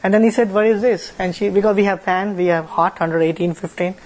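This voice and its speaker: Young indian man, church testimony, halting, repeats words, like and you know. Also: high voice, flat delivery, darkish tone, slight background noise, low-quality recording. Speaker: church fellowship leader. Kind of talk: sharing a testimony with a congregation.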